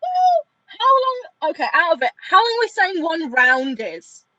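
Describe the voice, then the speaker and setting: An excitable woman player fires off quick questions in a high, lively voice. The sound is dry and close, with no room around it. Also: no room sound, muffled recording. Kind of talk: casual tabletop play chat.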